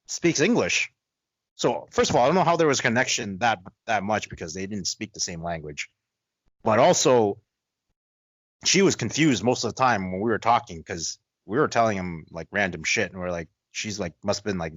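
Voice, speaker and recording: A man's voice: on the low side, fairly bright tone, dry recording. A man co-hosting a podcast, telling a profane story and quoting friends in dialogue. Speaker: podcast co-host. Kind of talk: casual storytelling chat.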